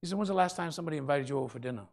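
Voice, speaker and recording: A man preaching a sermon as pastor, swinging between loud and soft and calling out to the congregation. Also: a little high, lively intonation, very fast, vocal fry.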